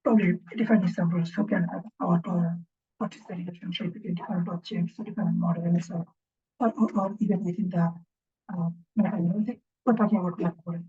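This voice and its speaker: A woman giving an informal recorded lecture as instructor, speaking haltingly and thinking aloud, often checking in with a questioning "right?". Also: lowish voice, fairly even intonation, mellow, husky. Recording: dull lo-fi recording.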